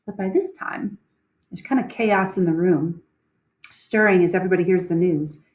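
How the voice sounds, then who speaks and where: A woman's voice: fairly low pitch, moderate pace, a little mellow, echoey room, distant mic. A woman teacher talking casually through a play scene by scene. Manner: casual, with fillers and restarts. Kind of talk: explaining a play.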